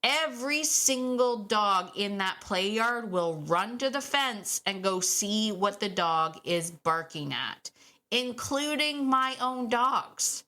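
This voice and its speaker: A middle-aged woman hosting a casual solo podcast about dogs, animated and quick to act out what dogs might say, laughing often. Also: medium pitch. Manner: animated, acts out dogs' voices, laughs often. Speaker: podcast host and dog trainer.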